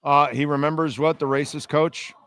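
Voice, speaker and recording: Profane, rambling radio host. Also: male voice, fairly high pitch, fairly even intonation, normal speed, a bit bright, smooth, no echo, studio quality. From Miami. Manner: profane, rambling storytelling, reading chat comments. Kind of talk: casual live-stream chat.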